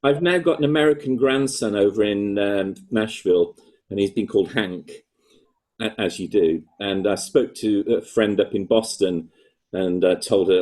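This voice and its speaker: Older English man, mellow voice. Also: on the low side, moderate pace. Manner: chatty, with frequent restarts. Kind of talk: casual chat on a video call. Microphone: video call.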